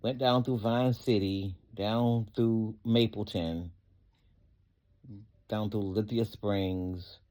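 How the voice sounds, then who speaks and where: A middle-aged man tells his own story in a fervent, folksy, rambling way. His voice sits a little low. He keeps breaking off to give thanks to God. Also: steady tone, slow pace, a little mellow. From Atlanta area, US. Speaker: storyteller recounting a personal event. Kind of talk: emotional personal testimony.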